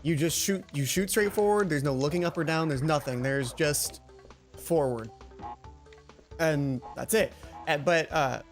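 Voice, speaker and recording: A man with a slightly higher voice talks through a video game in loose, rambling commentary. He gets excitable as he explains things. Clear game music plays under him the whole time. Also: unhurried. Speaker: co-host of a gaming video series. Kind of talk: casual gaming commentary. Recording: game music playing behind.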